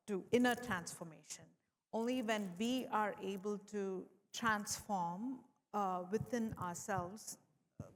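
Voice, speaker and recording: A woman on a conference panel speaking reflectively, with many pauses and fillers. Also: medium pitch, a little hiss or hum. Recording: reverberant conference hall.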